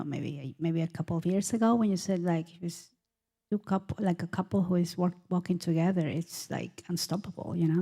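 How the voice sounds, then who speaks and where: A woman from the congregation speaking at the podium, gentle and hesitant, grateful, with many pauses and ums. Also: fairly low pitch, creaky. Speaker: congregation member. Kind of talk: testimony at the podium.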